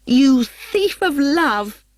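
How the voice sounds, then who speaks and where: A woman voicing a small, fiery young woman who shouts shrill insults in anger. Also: expressive, very slow, no room sound, clean studio sound, full character voice. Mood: furious.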